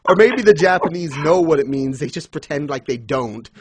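A man casually chatting as co-host, animated and quick to laugh, acting out lines he retells. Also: on the high side, heavy background noise. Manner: animated, laughs often, acts out quotes. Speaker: podcast co-host. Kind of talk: casual fan discussion.

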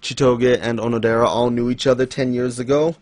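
A man's voice: mid-range voice, steady tone, brisk, a little mellow, no room sound. A man hosting a casual manga chat, rambling with fillers and light laughs. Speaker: podcast host.

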